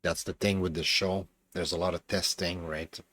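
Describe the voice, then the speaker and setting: A man's voice: deep voice, flat delivery, normal speed, sharp tone. A tired man streaming himself playing games, chatting to viewers, often muttering to himself, with bursts of swearing frustration. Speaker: game streamer. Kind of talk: casual live-stream commentary.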